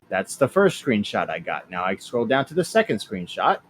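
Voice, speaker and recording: A man hosting a casual podcast, talking quickly and offhandedly with fillers and crude humor. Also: lowish voice, big pitch swings, a little hiss or hum. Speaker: podcast host. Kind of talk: casual podcast chat, reading messages aloud.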